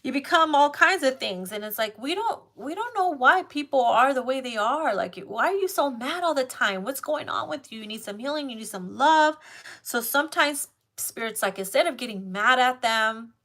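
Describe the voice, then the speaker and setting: A woman's voice: sits high, animated, moderate pace, fairly bright tone. A woman giving a casual tarot card reading who talks straight to her viewers, blunt and full of swearing. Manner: profane, blunt and emphatic. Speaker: tarot reader.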